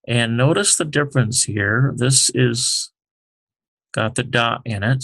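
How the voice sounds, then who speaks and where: A man teaching the Hebrew alphabet, talking slowly with many fillers as he writes out each letter. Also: mid-range voice, fairly bright tone, no echo. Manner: slow, halting, many fillers, explains while writing. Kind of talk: unscripted alphabet lesson.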